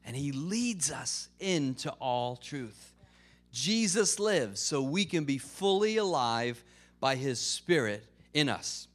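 A man's voice: medium pitch, very animated, takes it slowly. A man preaching a sermon as pastor, in a conversational way with casual fillers and joke-telling.

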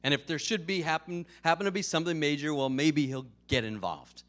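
A man's voice: on the high side, brisk, fairly bright tone. A man preaching a sermon as pastor, in a conversational way with casual fillers and joke-telling.

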